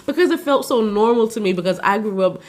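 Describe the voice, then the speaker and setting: A woman's voice: on the high side, lively intonation, quick pace, a little mellow. A young adult woman co-hosting a podcast in casual chat, telling stories with frequent laughter. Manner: laughing storytelling. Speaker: podcast co-host.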